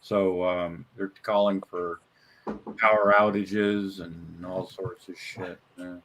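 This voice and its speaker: A man's voice: deep voice, slow pace, crowd noise. A man telling crude stories in casual chat, laughing and swearing as he talks. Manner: laughing, swearing, animated storytelling.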